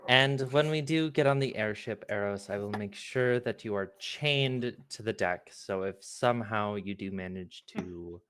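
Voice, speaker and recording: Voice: mid-range voice, unhurried, few pauses, fairly bright tone, smooth. A player in a tabletop game, speaking decisively and planning ahead. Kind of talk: casual tabletop game chat.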